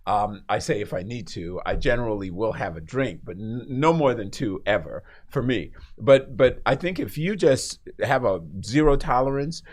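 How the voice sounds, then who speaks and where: A man on a radio talk show telling a story in a casual, animated way, laughing often and acting out the people in it. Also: medium pitch, moderate pace, few pauses. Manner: animated, laughs through his story, acts out voices. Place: radio studio.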